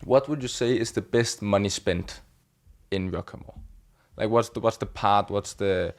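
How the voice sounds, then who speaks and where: A man hosting a podcast interview, asking loose, rambling questions in a relaxed, casual way. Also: lowish voice, normal speed. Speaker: podcast host.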